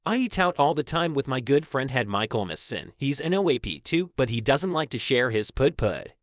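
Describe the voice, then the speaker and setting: A man's voice: medium pitch, expressive, moderate pace, no room sound, clean studio sound, pitched above the performer's own voice, lightly acted. A man putting on a sing-song old pudding-mad pensioner. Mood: gleeful. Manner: fussy, sing-song listing. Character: pudding-obsessed old male pensioner, greedy and chatty.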